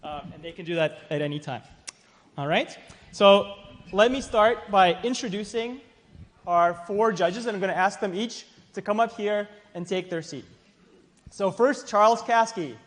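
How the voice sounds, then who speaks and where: A high-voiced man emcees a science contest at a moderate pace, teasing the judges with jokes and laughing often as he introduces them. The recording captures an echoey large hall full of audience and noise.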